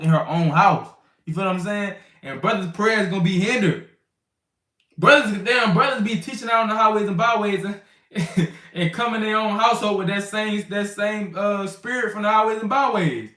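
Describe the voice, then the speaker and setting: A man gives an informal bible teaching, slangy and conversational, and acts out everyday scenes for the brothers. His voice sits a little high for a man. It is picked up from a distance and rings in a roomy space. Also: pushed and bright. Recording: roomy sound from a distant mic.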